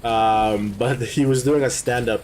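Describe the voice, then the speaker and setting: A man in casual chat on a stream, telling a story in an easygoing, relaxed way. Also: medium pitch, a little slow, a little hiss or hum, rough recording.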